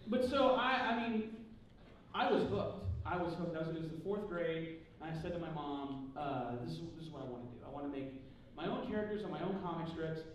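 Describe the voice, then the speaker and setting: A high-voiced man jokes and mocks himself as he entertains a convention crowd, putting on voices for the people in his stories. He is heard from far off in a big, booming hall, with steady noise underneath. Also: a little fast. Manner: joking, self-mocking, acts out quoted dialogue. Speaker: convention panel guest. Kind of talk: comedic storytelling to a live audience. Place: large convention panel hall. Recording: echoey hall from far off, noisy.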